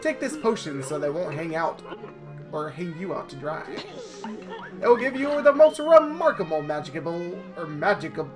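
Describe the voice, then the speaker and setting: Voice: medium pitch, big pitch swings, moderate pace, natural voice. Wise old cartoon kettle, read straight by a gamer, music bed behind. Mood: earnest. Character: Elder Kettle, a wise old male kettle, worried guardian.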